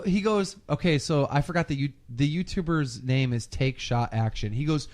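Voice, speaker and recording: A man chatting casually on a podcast, telling a story with lots of swearing and loud mimicry of other people. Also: fairly high pitch, expressive, normal speed, few pauses. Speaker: podcast guest.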